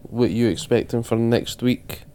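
A man's voice: mid-range voice, unhurried, mellow, smooth. A man hosting a podcast, chatting casually and joking with his co-host.

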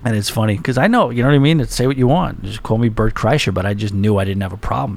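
A man's voice: mid-range voice, a little fast, a little mellow. A man in his forties with a New York accent, hosting a podcast and rambling through a casual story with many restarts. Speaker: podcast host.

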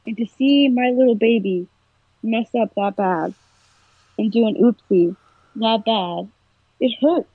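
A woman's voice: a little high, a little slow, long pauses, no room sound. A woman chatting casually on a podcast, telling a story with emotion and animation. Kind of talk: casual chat. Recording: husky voice over a tinny phone-like line.

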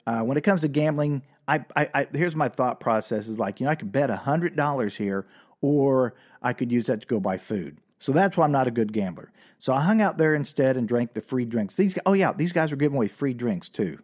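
A man hosting a comedy podcast, telling a story in an animated, excitable way. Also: mid-range voice, a little fast. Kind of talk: storytelling monologue.

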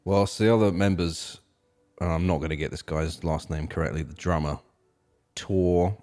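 Very deep-voiced man with an accent. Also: normal speed. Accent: non-American. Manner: agreeable, frequent yeahs, relaxed. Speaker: podcast co-host. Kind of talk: casual music review chat.

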